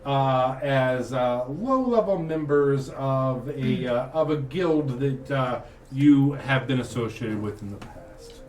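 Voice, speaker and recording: A man running a tabletop game as game master, narrating with many pauses and fillers. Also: mid-range voice, a little mellow, distant mic. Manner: halting, full of uh and um.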